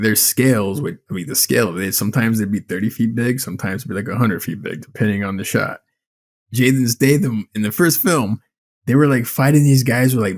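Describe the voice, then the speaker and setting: A man co-hosting a podcast, ranting about a movie in casual chat, swearing often and telling it with incredulous energy. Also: lowish voice. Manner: animated, swearing, incredulous storytelling. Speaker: podcast co-host.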